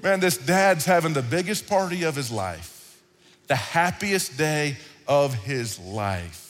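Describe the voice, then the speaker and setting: A man preaching a sermon in a conversational, animated style, often repeating himself. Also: on the high side, takes it slowly. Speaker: pastor. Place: large hall, church service. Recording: reverberant hall with faint music.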